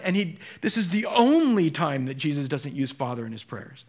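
A man's voice: on the high side, sing-song, moderate pace, hardly any pauses, darkish tone. Earnest man preaching a sermon. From Southern California. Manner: earnest, building to impassioned peaks. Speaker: pastor.

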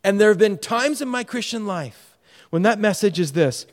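A man's voice: high voice, expressive, normal speed. Man preaching in a reverberant hall. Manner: storytelling with sudden shifts between loud urgency and hushed tenderness. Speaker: pastor. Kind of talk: sermon.

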